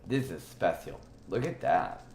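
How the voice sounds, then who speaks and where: Playful low-voiced male streamer. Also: very animated, measured pace, darkish tone, slight background noise. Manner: playful, teasing, chatting with viewers. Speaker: livestreamer. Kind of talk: casual gaming livestream chat. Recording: roomy echo with faint music.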